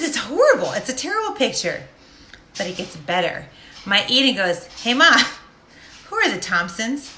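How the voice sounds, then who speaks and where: A woman's voice: mid-range voice, pushed and bright, a little hiss or hum. A middle-aged woman telling a personal story to a live audience in a casual, jokey, self-deprecating way. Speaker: host of a live stream. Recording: echoey room.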